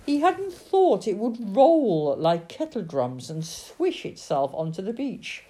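A woman reading a children's storybook aloud in a dramatic, expressive way. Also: mid-range voice, takes it slowly. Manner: dramatic, sing-song.

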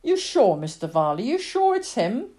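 An anxious father, pressing for answers, as a woman reader puts him on, pitched well above her usual tone. The voice stays mellow and soft. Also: wildly swooping pitch, normal speed. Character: middle-aged father, anxious, urgent.

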